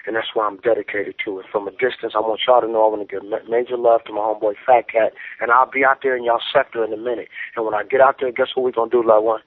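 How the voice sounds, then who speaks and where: A man's voice: on the low side, flat delivery, quick pace, hardly any pauses, no echo. A man calling in by telephone, talking in emotional slang and fighting back tears. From San Francisco Bay Area. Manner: emotional, preachy slang-heavy. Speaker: guest rapper. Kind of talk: phone-in shout-outs. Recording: dry tinny phone line.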